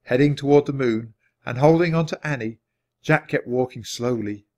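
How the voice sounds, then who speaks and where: A man with a voice of middle pitch narrating a children's chapter book. He reads at an even, natural pace and keeps the storytelling clear. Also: moderate pace. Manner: steady, clear read-aloud pacing. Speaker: storybook reader.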